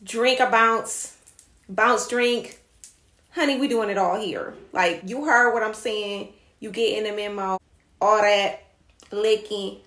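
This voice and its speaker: A woman's voice: a little high, a bit bright, echoey room. A young woman vlogging to camera in a sassy, playful way, calling her viewers honey. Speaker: YouTube vlogger. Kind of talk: casual chatty vlog to camera.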